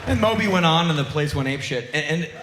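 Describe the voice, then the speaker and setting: American man, 40s, live spoken word rant, intense, profane, slightly high voice, roomy theater sound. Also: steady tone, fast talker, crowd noise. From United States. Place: large theater stage, live audience.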